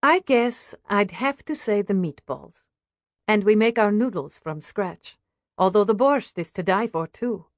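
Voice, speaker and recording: A woman's voice: medium pitch, animated, a little slow, no room sound, clean studio sound, lightly acted. A woman voicing a cheerful older female waitress who sounds grandmotherly and welcoming. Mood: friendly. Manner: bright, bustling, welcoming.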